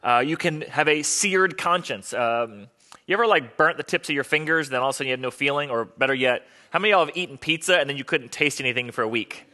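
A man's voice: mid-range voice, quick pace, sharp tone. A man preaching a sermon as pastor, talking conversationally and joking with the congregation.

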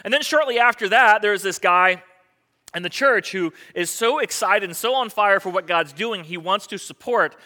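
A male pastor with a high, bright voice, preaching to his congregation. He talks conversationally, dropping to hushed asides and then rising to emphatic points. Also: normal speed. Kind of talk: sermon.

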